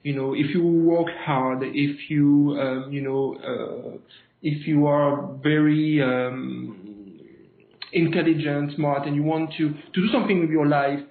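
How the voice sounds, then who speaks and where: A man's voice: a little high, fairly even intonation, takes it slowly, vocal fry, roomy sound, narrow, tinny audio. A man in his thirties from France, with a French accent, answering interview questions hesitantly and with many fillers. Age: 30s. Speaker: guest. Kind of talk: radio interview conversation.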